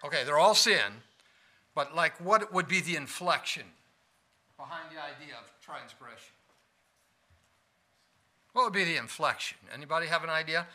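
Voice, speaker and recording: Male preacher, bright and a bit high, dynamic sermon delivery with questions to the congregation. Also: expressive, moderate pace, pauses often. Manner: swings between loud emphasis and quiet asides, asks the room questions.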